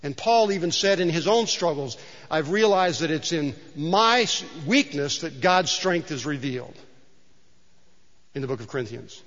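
A man's voice: fairly high pitch, expressive, moderate pace, fairly bright tone. A male pastor preaching a sermon in a church, talking conversationally with asides and rhetorical questions. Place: church sanctuary. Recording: dull sound with long hall reverb.

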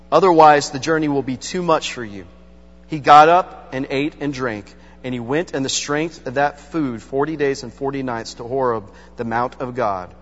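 A man's voice: a little high, a bit bright. A man preaching a sermon, reading scripture aloud and then retelling it in casual, everyday speech. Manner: reads scripture then paraphrases in casual voices. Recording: long hall reverb, dull lo-fi sound.

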